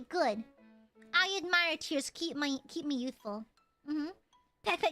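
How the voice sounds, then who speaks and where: A woman streamer in casual chat with her viewers, playful and teasing, jumping from loud squeals to low mutters. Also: expressive, normal speed, music in the background.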